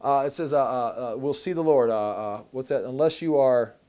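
A man's voice: mid-range voice, normal speed, mellow. A man teaching a Bible passage as a pastor, in a conversational way, often repeating words as he restarts and reading scripture aloud.

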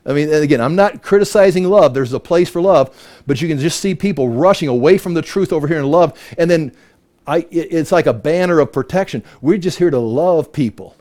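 A man's voice: fairly high pitch, fairly quick, darkish tone. Man teaching scripture with rhetorical questions. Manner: conversational, full of rhetorical questions. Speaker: Bible teacher. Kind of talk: Bible study teaching.

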